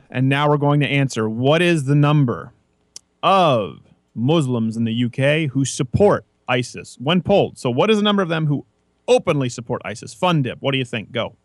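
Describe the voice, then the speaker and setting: A man's voice: on the high side, normal speed, no echo, clean studio sound. A man hosting a casual talk show, rambling and joking as he tells stories. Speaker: podcast host. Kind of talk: casual chat.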